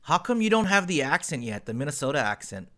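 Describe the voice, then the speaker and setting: Bright, lively joking male podcast host. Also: a little high, quick pace. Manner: joking, teasing. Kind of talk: casual podcast chat.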